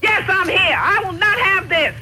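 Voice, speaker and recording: A woman on a phone call, stubborn and insistent, repeating herself and raising her voice to shouting at times. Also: very high voice, lively intonation, moderate pace, noisy background. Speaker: prank call target.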